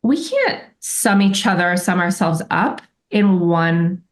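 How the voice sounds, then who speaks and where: A woman with a slightly low voice shares a personal story as a podcast guest. She sounds candid and reflective. She brings the past to life by voicing remembered remarks. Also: big pitch swings, slow pace.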